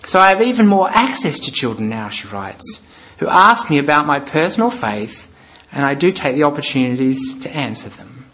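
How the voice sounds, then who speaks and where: A man preaching a sermon with earnest emphasis, then leading a soft, quiet prayer. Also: a little high, sing-song, moderate pace, rough recording. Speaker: pastor.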